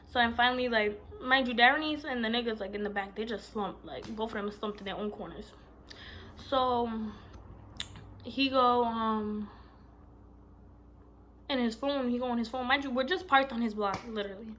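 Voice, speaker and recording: Loud, slangy New woman telling a story. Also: on the high side, moderate pace, slight background noise. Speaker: vlogger. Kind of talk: casual storytime vlog.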